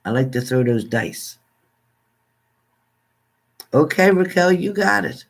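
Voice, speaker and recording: An older man casually chatting on a livestream, warmly thanking viewers by name and calling them hon. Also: on the high side, animated, slow pace, creaky. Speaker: livestream host.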